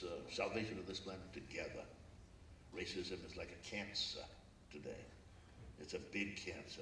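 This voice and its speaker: Older man, low voice, reflective storyteller, echoey hall, heard from a distance. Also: fairly bright tone, a little hiss or hum. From Brooklyn. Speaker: guest speaker. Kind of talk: public forum talk. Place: lecture hall.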